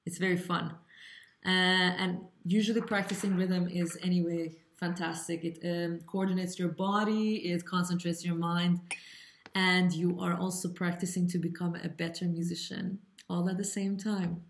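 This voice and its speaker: A woman teaching an online rhythm lesson, chanting rhythm syllables and explaining in a relaxed, halting way. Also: on the low side, gravelly. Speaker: vocal workshop teacher. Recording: echoey room with loud background noise.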